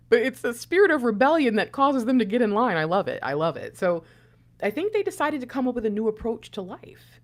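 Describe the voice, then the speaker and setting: A woman speaking straight to her viewers in a casual spiritual talk. Her pitch swings widely as she moves between hushed, breathy asides and loud, emphatic bursts. She talks in a chatty way, full of asides and everyday fillers. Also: fairly quick. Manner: animated, swings from soft whispers to loud outbursts. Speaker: spiritual channel host.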